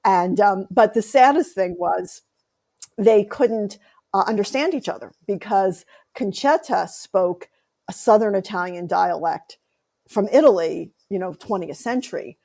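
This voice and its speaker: American woman author chatting on a podcast, kinda gravelly fry in her voice, tells stories with lots of energy. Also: medium pitch, a little slow, dark tone. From United States. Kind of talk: conversational interview.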